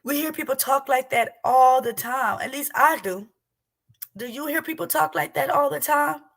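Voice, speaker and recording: A woman's voice: high voice, normal speed, gravelly, a bit bright. A woman hosting a faith livestream, preaching casually and emphatically, repeating phrases and asking rhetorical questions.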